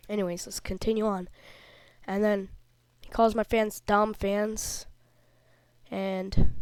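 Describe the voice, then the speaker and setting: A kid before puberty, a little under the weather, rambles through a vlog in an indignant tone. The voice is smooth and clear, with a flat, level pitch. It sits close and dry, with almost no room sound. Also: no echo. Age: child, before puberty. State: a little sick. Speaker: video creator. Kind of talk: casual vlog commentary over screenshots.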